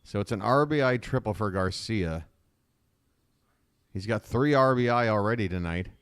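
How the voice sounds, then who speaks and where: Low-voiced guy doing live ball game play-by-play, chatty, smooth clear voice, dry sound. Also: normal speed, dry recording. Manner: chatty, rambling, excitable on big swings. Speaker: fan play-by-play streamer. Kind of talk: live baseball play-by-play and commentary.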